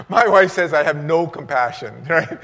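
A middle-aged man, a guest preacher, giving a sermon with jokes and laughter that turns earnest and quiet. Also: on the high side.

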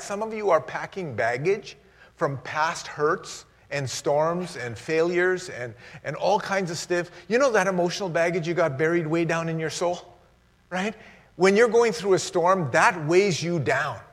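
A middle-aged man, a guest preacher, giving a sermon with jokes and laughter that turns earnest and quiet. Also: a little high, unhurried.

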